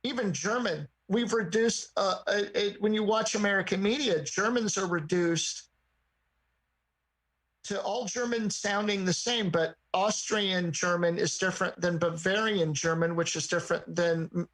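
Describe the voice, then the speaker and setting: A podcast co-host in a casual discussion, speaking in an animated, emphatic, conversational way. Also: medium pitch, unhurried, poor audio.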